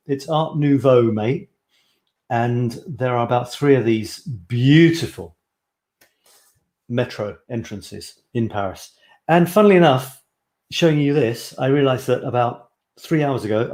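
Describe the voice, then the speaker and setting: A man's voice: medium pitch, a little mellow, echoey room. A man hosting a casual live stream as a photography coach, talking in a rambling, chatty way and often correcting himself.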